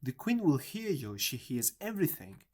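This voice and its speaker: Nervy secretive white rabbit read by the narrator, hushed and urgent, tone bobs up and down. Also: medium pitch, big pitch swings, moderate pace.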